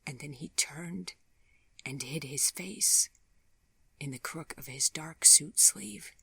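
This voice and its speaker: A woman narrating an audiobook in a soft, breathy half-whisper, her voice low and unhurried. She reads slowly and evenly, recorded close and dry with no room around her. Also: expressive, dry recording. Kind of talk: scripted narration.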